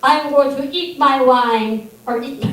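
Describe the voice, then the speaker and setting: A woman's voice: high voice, a little slow, crowd noise. A woman voicing a pompous, boastful Frenchman, recorded far off in an echoey hall. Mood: smug. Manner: boastful, swaggering. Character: pompous, smug Frenchman mocked by an American.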